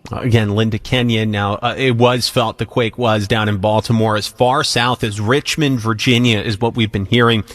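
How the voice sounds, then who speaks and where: A man anchoring live radio news, measured and steady, with frequent small fillers. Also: lowish voice.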